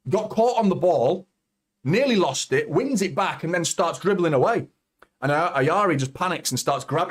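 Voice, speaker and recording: This is a man commentating on his team's match as a fan, with a voice a little higher than most men's. He fills the play-by-play with swearing and nerves. He drops to low muttering at tense moments and breaks into loud shouts when his side scores. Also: expressive, normal speed, breathy edge. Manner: swears a lot, anxious, swings from muttering to shouting. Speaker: football fan watchalong host.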